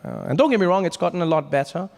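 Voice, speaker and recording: A man's voice: a little high, huge pitch swings, rapid-fire, vocal fry, darkish tone. A South African man performing stand-up comedy, telling playful stories and often laughing mid-line.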